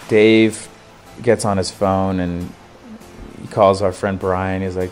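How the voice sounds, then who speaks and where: Twenties guy telling a wild story, lots of like and dude, kinda low voice. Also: unhurried, soft background music. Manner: animated, slangy, lots of filler "like". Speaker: vlogger. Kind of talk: casual storytelling.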